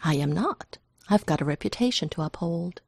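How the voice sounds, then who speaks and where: A woman voicing a smug, sanctimonious male hired killer in an audiobook reading, pitching her voice up high and talking briskly. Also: very animated, darkish tone, dry recording, clean studio sound.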